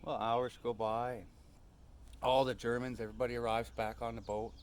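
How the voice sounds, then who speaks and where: A man telling stories in a calm, unhurried voice, often ending lines with a tag question. His pitch sits at an everyday middle level. Faint outdoor ambience with birdsong runs underneath. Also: slight background noise. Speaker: storyteller. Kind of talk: reflective personal storytelling.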